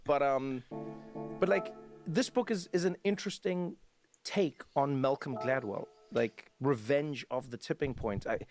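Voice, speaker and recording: A man's voice: medium pitch, unhurried, faint music behind. A man hosting an interview, talking in long rambling turns full of ums and restarts. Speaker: interviewer host. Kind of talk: casual interview chat. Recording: loud traffic noise behind.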